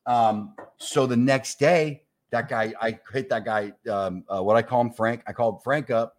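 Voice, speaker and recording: A man's voice: medium pitch, moderate pace. A man in his forties, a comedian from New York, telling a story in casual chat. He acts out the voices of the people in it and swears freely. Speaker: comedian guest.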